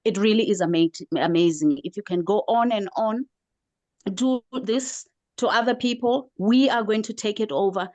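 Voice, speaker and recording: Casting: older woman, mid-pitched, dry sound, gushing with gratitude. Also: moderate pace, a little mellow, dry recording. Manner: effusive, thankful, repeats herself. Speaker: book club member. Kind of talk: online book club chat.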